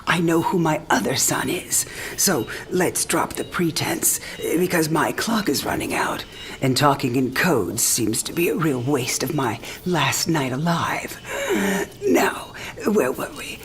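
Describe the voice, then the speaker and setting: A dying mother in her sixties with a low, dusky voice. She talks in a breathy, half-whispered way, teasing and frank. This is a video game cinematic. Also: expressive, a little slow, slight background noise. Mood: tender. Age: 60s.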